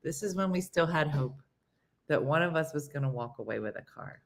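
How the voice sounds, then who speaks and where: A middle-aged woman hosts a casual morning show and tells a funny story from a night out. Her pitch swings widely as she jumps in and out of her friends' voices, often breaking into laughter. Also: fairly quick. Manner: animated, acts out friends' lines in higher voices, laughs a lot.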